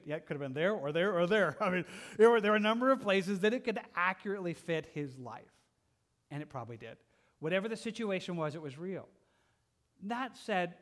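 A man preaching a verse-by-verse sermon as pastor, talking earnestly and conversationally, with restarts and soft laughs. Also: sits high.

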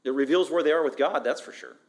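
A man preaching an expository sermon as pastor, emphatic and animated, repeating phrases and asking rhetorical questions. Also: fairly high pitch, quick pace. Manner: emphatic, animated, with frequent repetition.

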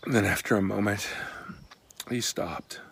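Pastor guy just chatting, gravelly voice, laid back and blunt. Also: lowish voice, a little slow. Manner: relaxed, conversational, blunt, with frequent fillers. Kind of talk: casual personal storytelling.

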